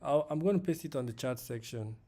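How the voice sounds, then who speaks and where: A man's voice: medium pitch, animated, fairly quick, mellow. A man commenting live on his forex trades, repeating himself and talking to viewers in the chat and to the price itself. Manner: repeats phrases, many fillers. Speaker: forex trading streamer. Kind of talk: live trading stream commentary.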